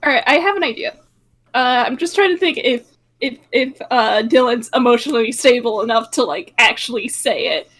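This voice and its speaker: A woman's voice: fairly high pitch, expressive, moderate pace, fairly bright tone, low-quality recording. A woman playing in a tabletop game, thinking aloud hesitantly as she describes her character. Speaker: player. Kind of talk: casual play in a tabletop game.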